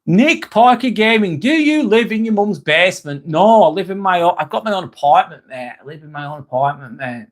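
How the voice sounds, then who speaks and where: A man's voice: high-pitched, lively intonation, fairly quick, hardly any pauses. A man with an English accent, casually chatting on a livestream and answering viewer comments by name, swearing freely. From England. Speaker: live streamer.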